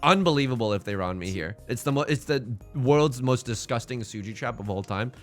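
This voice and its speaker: A man's voice: medium pitch, a little fast, faint music behind. A man streaming, chatting casually and jokingly with viewers while playing a game. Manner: rambling, jokey, animated asides.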